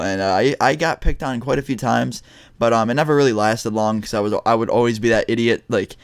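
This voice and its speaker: A man's voice: mid-range voice, no echo. Young male vlogger, blunt and profane storyteller, mid-range voice, dry close mic. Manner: blunt, heavy swearing, many restarts. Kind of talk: casual storytelling to camera.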